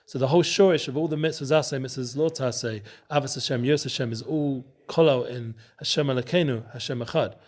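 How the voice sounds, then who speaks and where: A man's voice: mid-range voice, fast talker, hardly any pauses, darkish tone. A man teaching a Torah study session and hosting the show, talking loosely with many restarts and mixing in Hebrew and Yiddish terms.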